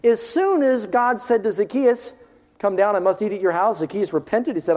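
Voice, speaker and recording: A male pastor preaching a sermon, swinging from raised, emphatic lines to hushed ones. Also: high voice, lively intonation, normal speed. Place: church hall. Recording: dull reverberant hall recording.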